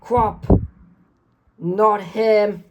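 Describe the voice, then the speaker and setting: Man reading as cocky boy genius, excited, emphatic. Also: high-pitched, drawn-out words, highs cut off, noisy background, voice pushed up.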